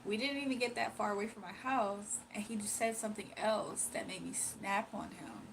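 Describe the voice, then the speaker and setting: A woman's voice: mid-range voice, fairly even intonation, normal speed, background noise. A tired young woman casually telling a rambling personal story on her livestream. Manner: rambling, slangy, confiding. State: sleepy and tired. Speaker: livestream host.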